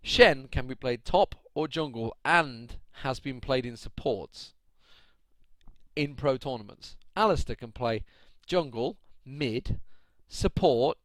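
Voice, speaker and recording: A man streams his own match commentary, chatting and laughing as he answers his viewers. His voice sits at an ordinary middle pitch and is recorded dry and close, with no room around it. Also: slow pace, no room sound. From United Kingdom. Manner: chatty, laughing, ranting at chat. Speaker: esports caster. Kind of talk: solo live stream commentary.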